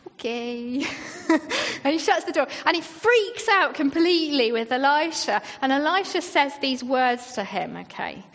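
Her voice sits high and a bit bright: a woman church leader giving a chatty sermon that leans on rhetorical questions and quotes she acts out. Long hall reverb surrounds her.

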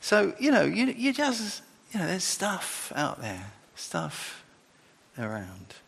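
A man delivers a sermon in a chatty, rambling way, his gravelly voice rising and falling with animation. His voice rings with the long reverb of a church hall. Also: high voice, wildly swooping pitch, slow, fairly bright tone. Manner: conversational, rambling with restarts and asides. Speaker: preacher.

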